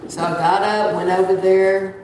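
A woman in her 70s with a medium-pitched, darkish, steady voice at a moderate pace shares a church testimony, chatting casually and acting out the voices of people in her story. The recording has a little hiss or hum, an echoey room and a distant mic.

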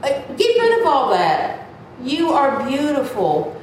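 A woman's voice: sits high, huge pitch swings, slow. A woman in her seventies teaching Sunday school, earnest and chatty, sometimes acting out whiny voices. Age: 70s. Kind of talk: sermon. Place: church room. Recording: echoey room, mic at a distance, faint noise.

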